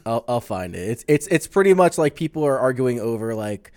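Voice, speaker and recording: A man's voice: mid-range voice, very animated, darkish tone, clean tone. A young man co-hosting a podcast, casual and swearing a bit, stumbling over his words as he explains. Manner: casual, swears, halting restarts. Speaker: podcast co-host. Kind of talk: casual chat.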